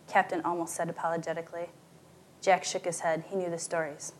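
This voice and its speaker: A woman reading a short story aloud as narrator, shifting her pitch and volume for the dialogue. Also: little pitch movement, brisk, a little hiss or hum.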